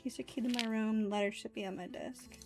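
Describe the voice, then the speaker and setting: A woman's voice: on the high side, steady tone, brisk, loud music behind the voice. A woman streamer chatting casually while she plays a game, reading lines aloud and laughing often. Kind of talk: casual gaming stream chat.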